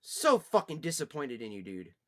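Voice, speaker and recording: A man talking on a casual live stream, mid-pitched and sweary. He scolds in long rants, dropping into low, tired sighs and then flaring up into loud yelling. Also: wildly swooping pitch, moderate pace.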